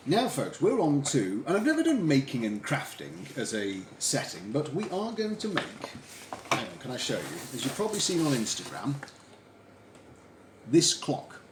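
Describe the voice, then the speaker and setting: Telling stories as he crafts on his livestream, a man chats casually in a lively, chatty storyteller manner. His voice is medium in pitch and moderately paced, and the recording has an echoey room and faint background hiss.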